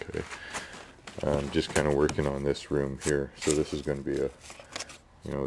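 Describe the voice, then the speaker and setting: Guy with a really low gravelly voice, chatty and rambly, lots of "eh", background noise. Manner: rambling, chatty, tags sentences with "eh". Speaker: hobby model builder. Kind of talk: casual rambling vlog. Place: home workshop shed.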